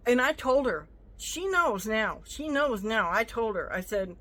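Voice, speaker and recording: A woman vlogs a casual storytime rant with a bright, forceful edge to her voice. She retells an argument with indignation, acting out both sides. She rambles and breaks off to make side comments. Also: fairly high pitch, unhurried, few pauses. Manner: indignant, animated retelling with acted-out quotes; rambling, stops mid-story to chat. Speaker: vlogger.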